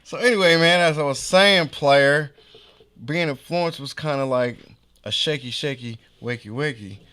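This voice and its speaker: A man's voice: fairly high pitch, normal speed, clear, resonant tone. A man hosting a podcast, telling a street story in slangy casual talk and acting out the voices of the people in it. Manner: animated, slangy, acts out quoted voices. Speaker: podcast host.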